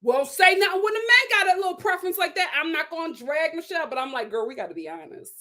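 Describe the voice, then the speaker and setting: A woman's voice: very high-pitched, fast talker. A young woman hosting a casual live recap of a reality show, laughing often and acting out what the cast said in put-on voices. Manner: animated, laughing, acts out quotes in other voices. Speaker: host.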